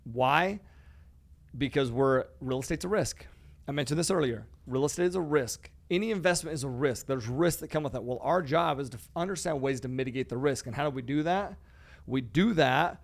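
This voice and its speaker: A man's voice: medium pitch, a little fast, gravelly. A man hosting a casual podcast, talking energetically and emphatically about real estate investing. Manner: energetic, emphatic, calls his co-host "bro" and "dude".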